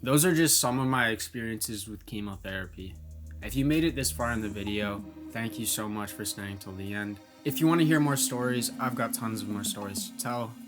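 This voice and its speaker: A young man with a fairly low voice tells a story to his camera in a loose, casual way. He is animated and fills his talk with "like" as he acts out how he reacted. Soft music plays faintly behind him. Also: fairly quick. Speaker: vlogger telling personal stories.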